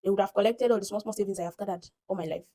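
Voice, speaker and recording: A woman with a Nigerian accent tells a story casually to her phone camera, animated and dramatic, acting out the voices she quotes. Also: medium pitch, very fast, low-quality recording. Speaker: vlogger.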